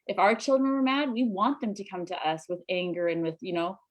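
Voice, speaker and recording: A woman's voice: medium pitch, animated, brisk. Heartfelt reflective woman host. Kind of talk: casual podcast conversation.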